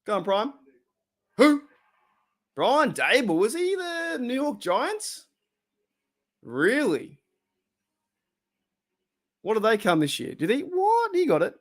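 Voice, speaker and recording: A man's voice: very high voice, wildly swooping pitch, slow pace, pauses often. An Australian man hosting a casual live stream, talking bluntly and heatedly and swearing freely.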